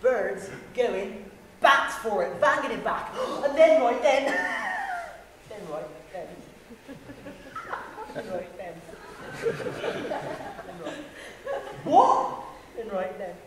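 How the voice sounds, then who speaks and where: A man's voice: sits high, wildly swooping pitch, drawn-out words, pauses often, very noisy, exaggerated voice. A young man playing a cheeky village lad in a student stage play, chatty and laughing, with a put-on West Country accent. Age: young adult. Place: college theatre stage. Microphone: far camera. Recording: echoey hall from far off.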